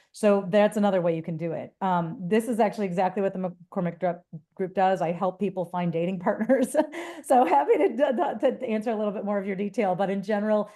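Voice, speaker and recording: A woman's voice: lowish voice, warm tone. A woman consultant answering webinar questions in a conversational, upbeat way with frequent restarts over a video call.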